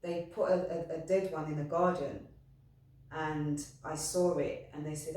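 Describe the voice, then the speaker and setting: Woman, earnest, repetitive, low-ish voice, distant mic, echoey room. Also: moderate pace, a little mellow, a little hiss or hum. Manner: heartfelt, repetitive, rambling with restarts. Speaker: spiritual medium. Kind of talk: earnest spiritual talk.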